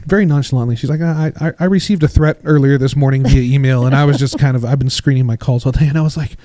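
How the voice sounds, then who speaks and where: A man's voice: steady tone, fast talker, few pauses, dark tone, dry recording. A man hosting a podcast interview in a casual, chatty way, telling stories and acting out quoted lines. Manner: chatty, storytelling, acts out quotes with rising pitch. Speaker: podcast host.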